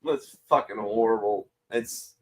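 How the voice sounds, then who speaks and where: A man's voice: on the low side, a little slow, a little mellow. A man hosting a casual online chat, joking and swearing as he reads memes aloud and laughs at them. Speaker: show host reading memes.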